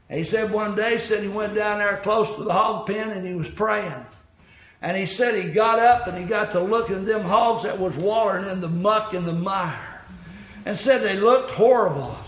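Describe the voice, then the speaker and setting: High-voiced preacher in an echoing room. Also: male voice. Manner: impassioned, rising to shouted climaxes; folksy storytelling with repeated phrases. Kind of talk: sermon. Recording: very echoey room with faint noise.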